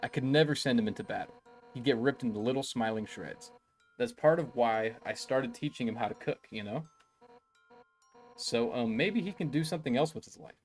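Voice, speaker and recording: A man's voice: medium pitch, normal speed, soft background music, lightly acted. A man reading aloud the lines of a brash female fish warrior who leads a royal guard, in his own everyday voice during a live game stream. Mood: boastful, casual.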